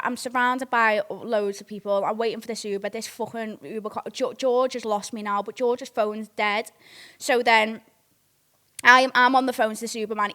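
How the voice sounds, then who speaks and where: A woman in her twenties hosts a chatty podcast, her voice sitting a touch high. She rambles through an excitable, swear-filled story with plenty of filler words. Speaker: podcast host. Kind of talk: casual storytelling.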